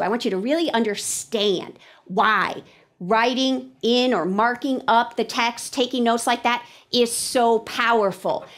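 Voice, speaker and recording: A woman teacher talking to students in a classroom lesson, lively and expressive, sometimes dropping to a whisper. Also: on the high side. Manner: animated, drops to a whisper for the thinking voice.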